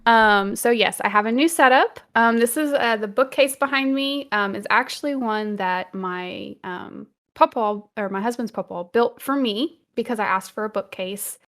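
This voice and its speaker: A woman with a Louisiana accent, co-hosting a gaming podcast from her bedroom stream room over a video call. She laughs often and gets louder and higher when she is passionate. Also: normal speed, hardly any pauses. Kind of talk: casual chat. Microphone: earbuds with new desk mic, video call.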